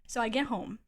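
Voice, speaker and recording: A woman streamer telling a wild personal story in a casual, animated way, swearing freely and laughing often. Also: fairly high pitch, breathy edge.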